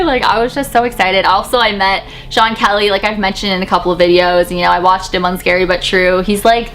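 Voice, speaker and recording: A young woman chatting excitedly in a casual vlog about a paranormal investigation, with lots of fillers. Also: mid-range voice. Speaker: paranormal vlogger.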